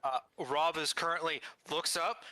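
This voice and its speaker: A man's voice: a little high, fairly even intonation, moderate pace, bright, forceful tone. A man playing a tabletop game, describing his character's actions in a comedic way. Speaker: player. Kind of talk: casual tabletop role-play.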